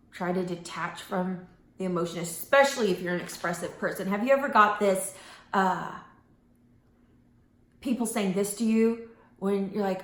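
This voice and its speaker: A woman talking casually to camera in a vlog, rambling a little and losing her thread now and then. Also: medium pitch. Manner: rambling, loses her thread, acts out quoted voices. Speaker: vlogger. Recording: roomy echo.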